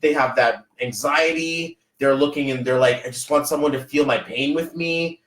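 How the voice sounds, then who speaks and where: A man hosting a podcast in a casual motivational chat, animated and fond of acting out little scenes. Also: medium pitch, moderate pace. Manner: animated, acts out little scenes in other voices. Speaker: podcast host. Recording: roomy echoey sound.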